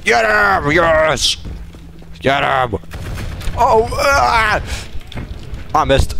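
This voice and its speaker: A man's voice: high voice, very animated, very slow, vocal fry, pauses often, background noise. A man streaming live gameplay, talking playfully and boastfully to his chat and teammates. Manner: playful, boastful, bursts into laughs and shouts.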